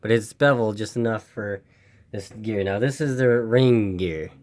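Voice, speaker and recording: A man's voice: on the low side, moderate pace, darkish tone, slight background noise. A man casually walking through an RC car repair step by step, rambling and repeating himself with a voice that is giving out. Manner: rambling, repeats instructions, apologizes for camera. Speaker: RC hobby video host. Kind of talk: casual how-to walkthrough.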